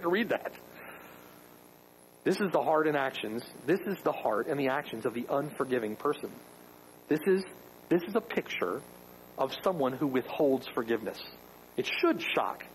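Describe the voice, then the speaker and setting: A man's voice: mid-range voice, lively intonation, normal speed, pauses often, a little hiss or hum, rough recording. A man preaching a sermon as pastor, emphatic, with rhetorical questions.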